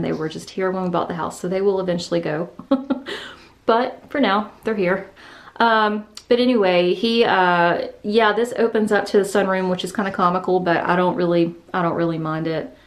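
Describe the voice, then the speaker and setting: Woman vlogger, mid-pitch, rambling casual house-tour narration, slightly winded. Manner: chatty, rambling, many fillers and restarts. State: out of breath. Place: indoors, a house.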